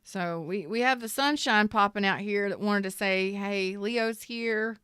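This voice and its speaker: A woman's voice: medium pitch, normal speed, bright, forceful tone, clean tone, no echo. A woman, hosting a casual, salty tarot reading and talking straight to her viewers. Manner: chatty, salty, talks to viewers as y'all. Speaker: tarot reader, channel host.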